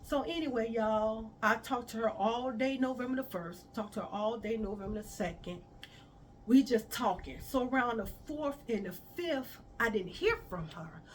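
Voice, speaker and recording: A woman's voice: on the high side, normal speed, distant mic, slight background noise. Woman telling a heartfelt storytime vlog. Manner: conversational, addresses viewers as y'all, quotes others in dialogue.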